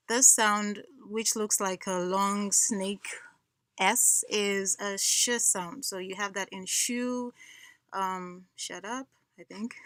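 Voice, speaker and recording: A woman giving a student class presentation, explaining in a hesitant way with many pauses and fillers. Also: medium pitch, bright, forceful tone, no echo.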